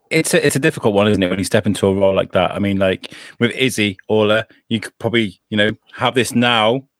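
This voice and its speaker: A man hosting a podcast in casual chat, chatty and quick to laugh. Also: fairly low pitch, dry recording, studio quality. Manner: chatty, laughs often, many restarts. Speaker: podcast host.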